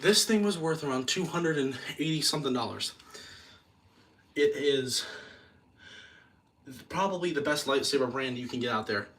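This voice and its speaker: A man's voice: medium pitch, animated, moderate pace, pauses often, fairly bright tone. A man hosting a casual show-and-tell vlog, rambling and self-correcting, with a self-deprecating, nerdy enthusiasm. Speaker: video host.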